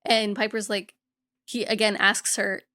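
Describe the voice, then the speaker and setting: A woman co-hosting a podcast who walks through a movie plot in casual, swear-heavy chat. Her voice sits at a middling pitch for a woman, and her delivery is blunt and unfiltered. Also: little pitch movement, unhurried, pushed and bright. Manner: blunt, profanity-laced retelling. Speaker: podcast co-host.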